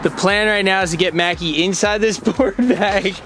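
A man's voice: high voice, normal speed, music in the background. A man hosting a casual road-trip vlog from a car, upbeat and playful. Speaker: surf vlogger host.

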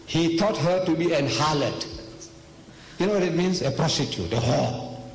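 A man's voice: slight background noise, poor audio. Emphatic older South African man lecturing. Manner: emphatic, rhetorical questions, drops to a low murmur. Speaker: religious lecturer. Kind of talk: public lecture.

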